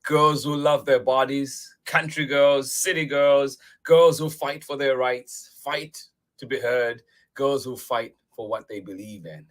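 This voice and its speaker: Male storytime host, bright and effusive, reads picture books aloud. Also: medium pitch, a little slow. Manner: effusive, thanks viewers often, laughs easily. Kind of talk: upbeat chat with viewers and read-aloud.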